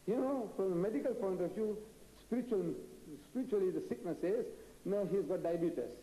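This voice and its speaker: An older man from India, raised in South Africa, delivers a combative, animated lecture full of rhetorical questions. His voice sits high yet sounds very dark and mellow. The sound rings with the long, echoey reverb of a large auditorium. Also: a little fast. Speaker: lecturer answering audience questions. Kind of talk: public lecture Q&A. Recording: echoey hall.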